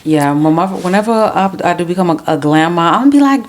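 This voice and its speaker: A woman in her forties co-hosting a podcast, talking in a relaxed, halting way and often repeating words. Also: on the low side. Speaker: podcast co-host. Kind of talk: casual chat. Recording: echoey room.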